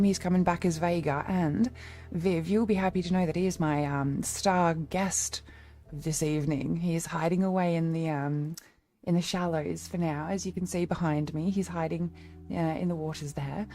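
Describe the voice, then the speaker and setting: A woman's voice: on the low side, fairly even intonation, normal speed, a little mellow, soft background music. A young woman streamer in a casual live-stream chat, rambling along and thanking her viewers by name.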